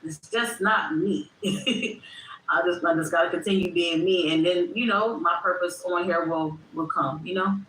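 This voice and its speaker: A woman's voice: lowish voice, fairly even intonation, moderate pace, a bit bright. A woman, hosting a casual livestream, repeating herself and talking straight to her chat. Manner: repetitive, reflective, talks to chat directly. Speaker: livestream host. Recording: echoey room with faint background noise.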